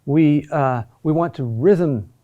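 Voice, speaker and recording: A man teaching a recorded lesson on Latin chant, explaining patiently and often checking in with a quick "huh?". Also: on the high side, narrow, tinny audio.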